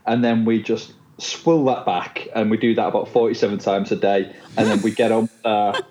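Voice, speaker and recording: English guy being a guest author, dry jokey humor, relaxed mellow tone. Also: on the low side, moderate pace. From England. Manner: dry, self-mocking humor. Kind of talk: casual podcast interview. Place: home, remote call.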